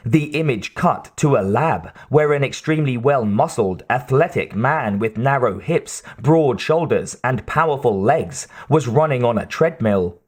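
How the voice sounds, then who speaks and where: A man narrating an audiobook in a measured, steady way. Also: medium pitch, breathy edge. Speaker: audiobook reader.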